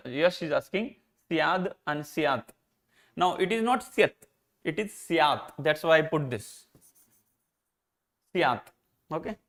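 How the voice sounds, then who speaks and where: Indian guy teaching, higher voice, asks questions then answers, repeats points, drops hindi words. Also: fairly bright tone. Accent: Indian English. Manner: explains by posing rhetorical questions and answering them; repeats and rephrases key points, slips into Hindi. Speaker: philosophy teacher. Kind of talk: live exam-prep lecture.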